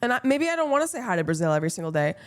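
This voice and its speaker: A woman's voice: on the high side, very animated, racing. A woman streamer chatting casually with her viewers, blunt and playful, swearing freely.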